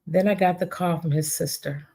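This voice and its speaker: A woman's voice: fairly low pitch, steady tone, normal speed, warm tone, husky. A woman hosting her own podcast alone, talking earnestly and pleading with her listeners, often repeating her pleas. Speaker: podcast host. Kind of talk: heartfelt solo podcast talk.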